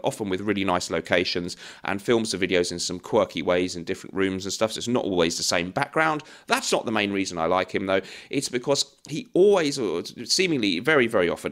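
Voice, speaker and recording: A man's voice: on the low side, a bit bright. A man in his forties giving a chatty, rambling video review with a self-deprecating streak. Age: 40s. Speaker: fragrance YouTuber. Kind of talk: casual video review chat.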